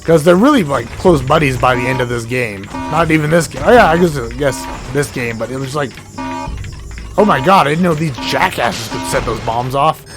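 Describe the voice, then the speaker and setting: A man hosting a let's play, giving casual rambling commentary with frequent self-corrections and jokey asides, his voice going hoarse and cracking. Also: mid-range voice, lively intonation, normal speed. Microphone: desk mic with a cable that gets knocked. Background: game music.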